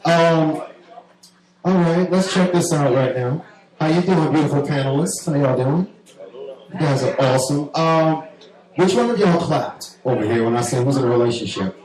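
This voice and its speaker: A man's voice: on the high side, normal speed, a little mellow, faint music behind. A man from New Orleans with a New Orleans accent doing a profane, brash stand-up comedy set and working the crowd on a club stage. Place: club stage before a live audience. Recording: echoey club with audience noise.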